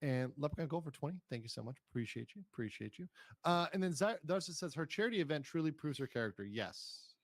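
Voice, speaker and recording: A man's voice: a little high, lively intonation, fast, no room sound. Dry, analytical male streamer. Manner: analytical, hedging, reads chat aloud. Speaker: streamer host. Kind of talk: casual commentary reacting to clips.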